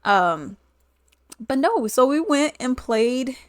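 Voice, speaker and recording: A woman vlogger chatting casually through a storytime, animated and quick to laugh. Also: high voice, dry recording, clean studio sound.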